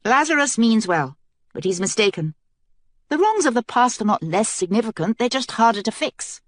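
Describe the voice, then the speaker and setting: Here is a resolute young queen of an epic fantasy audiobook, as the female narrator puts her on. She speaks with earnest command in a raised, brighter register. The recording is close and dry, with no room around the voice. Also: on the high side, animated, moderate pace, dry recording, voice pushed up, close to an everyday voice. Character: young determined queen, woman.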